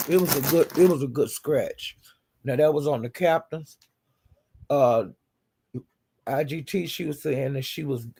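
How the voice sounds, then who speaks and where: A man's voice: fairly high pitch, vocal fry, dark tone, husky. A man hosting a casual chat, bluntly retelling online drama in a chatty, gossiping way. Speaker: host recapping livestream drama.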